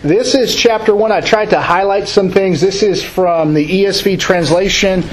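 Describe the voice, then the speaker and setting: A man teaching a Bible study class from a handout, reading verses aloud and explaining them in a casual, halting way. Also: high voice, a little hiss or hum, low-quality recording.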